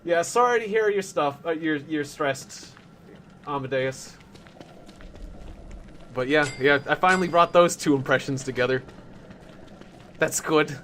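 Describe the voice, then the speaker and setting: A man's voice: a little high, unhurried, pauses often, a bit bright, a little hiss or hum. A man hosting a game live stream, chatting playfully with viewers and laughing often. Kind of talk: casual live stream chat.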